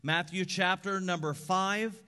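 A man preaching in a church with a notably high voice. He leads with strong emphasis and turns often to the congregation. The sound carries a long hall reverb. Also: fairly even intonation, measured pace, bright, forceful tone, clear, resonant tone. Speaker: pastor. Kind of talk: sermon. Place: church sanctuary.

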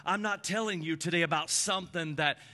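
A man preaching a sermon from the pulpit as a pastor, with emphatic repeated lists that swing between loud peaks and hushed drops. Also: on the high side, a little fast.

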